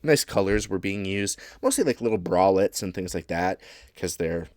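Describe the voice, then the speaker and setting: A man casually improvising a silly story, rambling with many pauses and restarts. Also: deep voice, animated, a little mellow, dry recording. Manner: rambling, halting, full of fillers and restarts.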